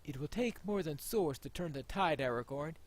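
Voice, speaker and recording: A man voicing a stately ancient elf lord, reading game dialogue in a slow, formal, lowered voice. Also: lively intonation. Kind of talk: reading quest dialogue aloud.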